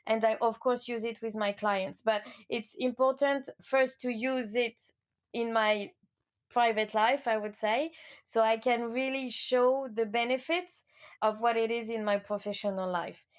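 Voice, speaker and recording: A woman in her thirties with a French accent, speaking as an interview guest, earnest and upbeat, with frequent pauses and fillers. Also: a little high, fairly even intonation. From France. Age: 30s. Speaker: guest, educational kinesiology coach. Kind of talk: casual interview conversation.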